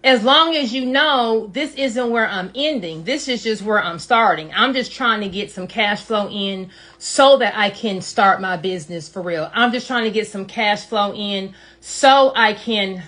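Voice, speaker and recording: A woman's voice: mid-range voice, measured pace, few pauses, a bit bright. A woman giving casual, emphatic business advice on a live stream while out of breath, calling listeners baby and honey. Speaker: business coach. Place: outdoors in a front yard.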